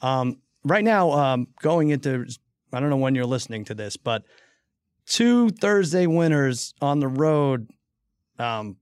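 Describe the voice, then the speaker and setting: A man's voice: medium pitch, dry recording, studio quality. A man hosting a casual sports betting podcast, teasing his co-hosts and laughing often. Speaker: podcast host.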